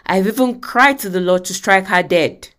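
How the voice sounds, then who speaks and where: A woman's voice: mid-range voice, moderate pace, a bit bright, lightly acted. A woman reading aloud the part of a distraught middle-aged mother pleading with her pastor. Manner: read aloud with rising emphasis.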